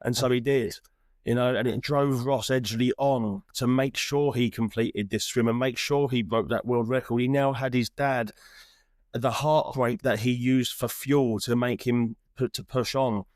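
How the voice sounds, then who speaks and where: A man hosts an interview podcast with an earnest, encouraging tone, circling back and restarting as he builds his point. His voice sits at an ordinary middle pitch. The sound is dry and close. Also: fairly even intonation, a little slow, a little mellow, no echo. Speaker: podcast host. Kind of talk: reflective interview chat.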